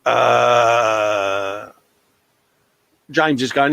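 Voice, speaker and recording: A man's voice: mid-range voice, animated, a little slow, dry recording. A man hosting a casual live show, reading out viewer comments with jokey banter and calling everyone mate.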